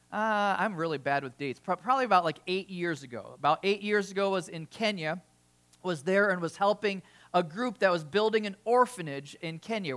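A young woman preaching a sermon in a relaxed, conversational manner. She restarts her phrases often and drifts into asides while telling a personal story. Her pitch sits in the middle range.

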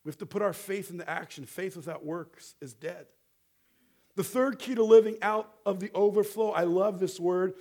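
A middle-aged man preaching a sermon as a rabbi, animated and building toward fervent exhortation, leading the congregation to repeat words back. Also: high voice, moderate pace. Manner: animated, rising to near-shouting exhortation; leads the congregation in call-and-response.

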